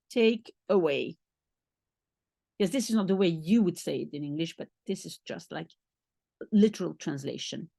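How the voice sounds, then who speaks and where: A woman's voice: medium pitch, vocal fry, dark tone, dry recording. A woman from Belgium, a native Dutch speaker with a Belgian accent, patiently teaching beginner French and repeating phrases as she thinks aloud. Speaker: language teacher.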